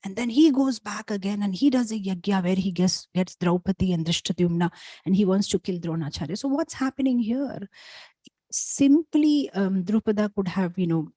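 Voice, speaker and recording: A woman, a spiritual teacher, telling scripture stories in a talk, animated, with frequent "you know" fillers. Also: medium pitch, normal speed, no room sound.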